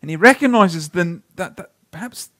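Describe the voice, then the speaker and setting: A pastor preaching a sermon, telling stories earnestly and slowing down to read scripture. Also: male voice, high voice, animated, fairly bright tone.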